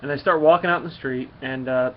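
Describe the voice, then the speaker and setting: A man's voice: mid-range voice, quick pace. A man casually reviewing a comic book and retelling its story in a rambling way, with many fillers. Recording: slightly muffled, faint background hum.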